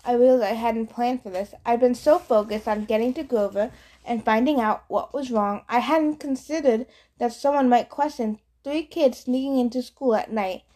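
A woman's voice: a little high, moderate pace, warm tone. A woman narrating a novel in a casual first-person storytelling voice. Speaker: audiobook reader. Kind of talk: scripted narration.

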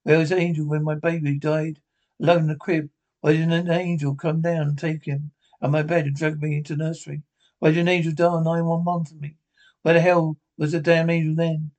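A woman's voice: deep voice, flat delivery, a little fast, darkish tone, lightly acted. Casting: a woman as a young grieving mother, anguished and accusing, TV drama. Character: young mother grieving her lost baby. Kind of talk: TV drama acting.

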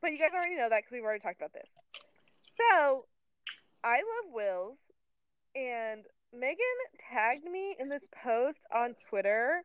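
A woman's voice: sits high, big pitch swings, normal speed, clear, resonant tone, no echo. A young woman in her twenties co-hosting a casual chat podcast, gushing and giggly, with lots of "like". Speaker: podcast co-host. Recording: tinny phone-like line.

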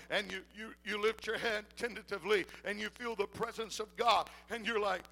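A man preaching a sermon as pastor, swinging between loud, emphatic declarations and soft, intimate talk to the congregation. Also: sits high, steady tone, moderate pace, gravelly, few pauses, low-quality recording.

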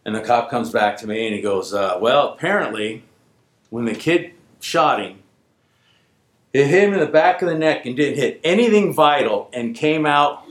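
A man's voice: mid-range voice, moderate pace, echoey room. A man casually telling a true story from his working days, acting out the voices of the people in it. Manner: animated, acts out quoted voices. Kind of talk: casual spoken anecdote.

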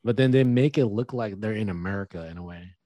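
A man's voice: on the low side, fast, mellow, no echo. A man co-hosting a podcast in casual chat, laid-back and often answering with short reactions. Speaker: podcast co-host.

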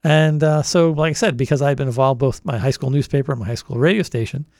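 Older boston guy, quick rambly talk, gravelly voice, dry close sound. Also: medium pitch, a little mellow, no echo. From Boston area. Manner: rambling storyteller, many restarts. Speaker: longtime college radio volunteer. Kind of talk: oral history interview.

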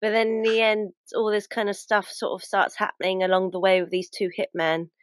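Woman, podcast co-host, casual rambling film talk, mid pitch, dry. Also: level tone, brisk, no echo. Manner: chatty, rambling, trails off and restarts mid-thought.

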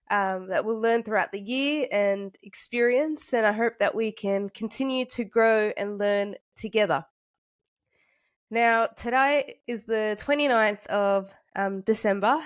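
A young woman hosting a faith podcast in a chatty, casual way, with many fillers, sounding congested. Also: medium pitch. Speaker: podcast host.

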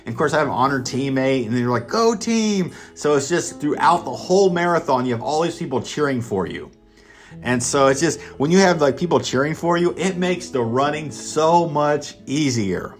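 A man's voice: a little high, expressive, normal speed, faint music behind. Enthusiastic man telling his story. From Kansas, United States. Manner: enthusiastic, conversational, many fillers. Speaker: speaker sharing his story. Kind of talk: motivational personal storytelling.

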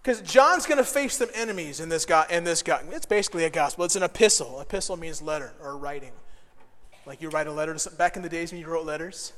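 Man, pastor, sermon, animated storytelling, high voice, long echo. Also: fast. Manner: animated storytelling with acted-out quotes. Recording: long hall reverb.

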